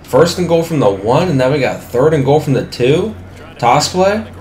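Excitable young man commentating a game. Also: a little high, moderate pace, reverberant. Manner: excitable, swearing, talks to the screen. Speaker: gaming commentator.

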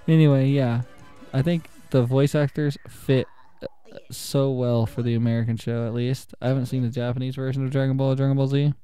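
A young man giving excitable, casual gameplay commentary, trash-talking the computer opponents and laughing often. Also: mid-range voice, fairly quick, clear, resonant tone, soft background music. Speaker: gaming channel host.

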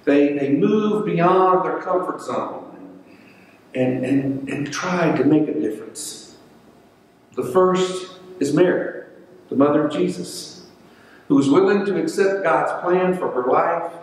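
A male pastor delivers a sermon in a measured, deliberate voice, now and then repeating a word. The recording is distant and full of long, ringing church reverb. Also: a little high, expressive. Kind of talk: sermon with scripture reading. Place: church sanctuary. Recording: echoey church hall from far off.

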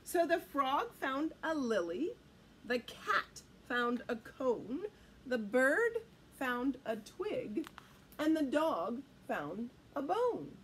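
A woman reading a picture book aloud to children in an animated, sing-song way. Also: high voice, drawn-out words, slight background noise. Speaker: children's storyteller.

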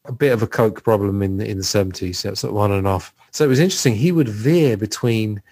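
A man's voice: on the low side, quick pace, a little mellow. A man hosting a casual podcast conversation, chatty and thinking aloud with plenty of fillers. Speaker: podcast host.

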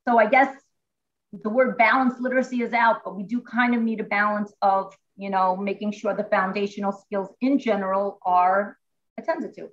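A woman's voice: mid-range voice, moderate pace, dull audio. A woman teacher at home, chatting animatedly as she demonstrates a classroom reading method step by step over a video call.

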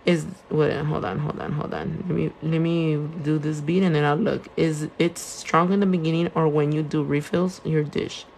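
Her voice is low and gravelly, a little mellow, with little pitch movement; she talks at a normal speed with few pauses, and slight background noise is audible. The young Californian nail tech and shop owner chats loosely on a live stream while doing nails, answering viewers and dropping Spanish words into her English.

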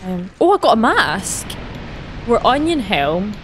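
A woman's voice: medium pitch, big pitch swings, a little slow, a little hiss or hum. A young woman with a light Scottish accent chatting casually while she plays a video game on stream, laughing at herself and answering chat. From Scotland. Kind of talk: casual gameplay commentary.

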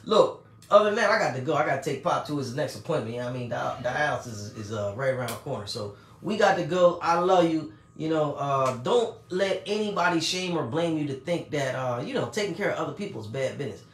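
Man, agency owner, casual live-stream pitch, high voice, echoey room. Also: fast talker, a little hiss or hum. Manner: animated, repetitive, street-casual phrasing. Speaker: home care agency owner.

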